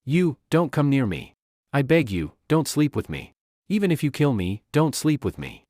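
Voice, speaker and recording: A man's voice: mid-range voice, very animated, normal speed, dry recording, clean studio sound, natural voice. A man voicing a frightened young woman held captive, speaking in trembling, sobbing pleas. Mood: pleading.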